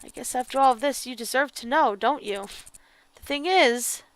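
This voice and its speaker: A woman voicing a soft-spoken earnest young man. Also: high-pitched, moderate pace, natural voice, rough recording. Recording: game music playing behind.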